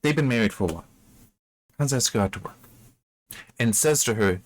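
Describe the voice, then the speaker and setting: A man's voice: mid-range voice, expressive, a little fast, long pauses, slight background noise. A man giving casual, rambling commentary on a book he has read, with frequent restarts and asides. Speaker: book reviewer.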